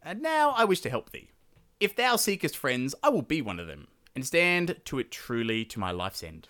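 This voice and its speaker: A man playing a cocky, eager young hero. He mixes old-fashioned words with matey slang, his voice bright and lifted high. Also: very animated, moderate pace. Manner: mock-archaic, matey.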